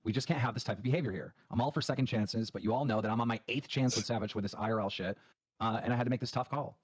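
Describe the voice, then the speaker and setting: A man's voice: medium pitch, racing, husky, dry recording. A man hosting a livestream show, talking bluntly and emphatically with plenty of profanity. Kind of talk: livestream commentary.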